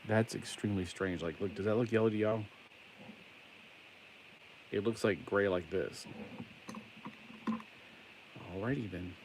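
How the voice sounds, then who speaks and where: A man's voice: lowish voice, normal speed, long pauses, a little mellow, a little hiss or hum. A man with a Southern US accent chatting casually and rambling while building toys on a live stream. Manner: rambling, chatty, jokey asides. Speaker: toy collector streamer.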